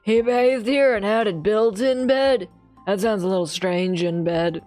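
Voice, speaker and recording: A woman doing a gravelly old man. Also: medium pitch, measured pace, darkish tone, faint music behind, pitched below the performer's own voice, lightly acted. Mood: grumbling. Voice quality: graspy, gravelly put-on voice. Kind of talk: voicing game dialogue aloud on a stream.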